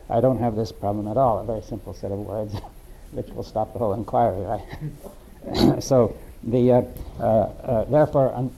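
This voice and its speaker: A man in a philosophical discussion, talking haltingly and often checking in with "right?" and "you see". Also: medium pitch, gravelly, mellow, rough recording. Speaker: discussion participant.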